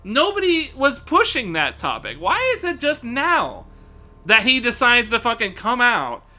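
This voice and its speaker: Animated high-pitched male streamer. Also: unhurried. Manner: animated, profane, laughing often. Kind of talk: casual live-stream rant.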